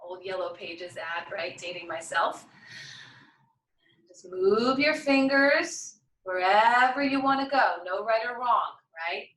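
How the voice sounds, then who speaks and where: Woman, yoga instructor, encouraging, chatty, bright tone, roomy echo. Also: mid-range voice, expressive, slow pace, recorded from a distance. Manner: encouraging, chatty, talks through each move. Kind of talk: guided yoga class instruction.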